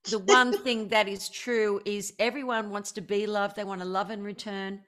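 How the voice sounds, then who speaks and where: A woman's voice: medium pitch, flat delivery, moderate pace, a bit bright. A woman from Australia with an Australian accent, chatting as an interview guest, bubbly and enthusiastic, laughing often. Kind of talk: casual interview chat.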